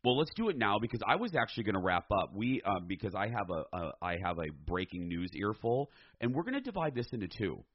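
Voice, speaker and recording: Male podcast co-host, deep, animated and sassy; dry, slightly muffled recording. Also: quick pace, few pauses, dry recording. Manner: animated, campy, sassy asides. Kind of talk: casual chat.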